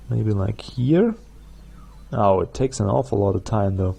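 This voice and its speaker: German-accented man, gravelly let's play chatter. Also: on the low side, expressive, unhurried, dark tone. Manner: chatty, laughs at his own jokes. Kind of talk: gameplay commentary.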